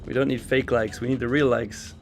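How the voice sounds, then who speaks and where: A man's voice: medium pitch, fairly even intonation, a little fast, soft background music. A man raised in Switzerland hosting a live trading stream, giving casual market commentary and answering viewer chat. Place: in London for a trading expo.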